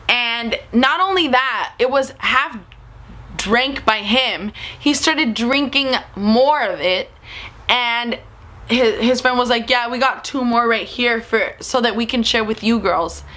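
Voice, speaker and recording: A woman's voice: fairly high pitch, unhurried, sharp tone. A young woman telling a story in a casual, chatty vlog, switching into the voices of the people she quotes. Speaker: vlogger.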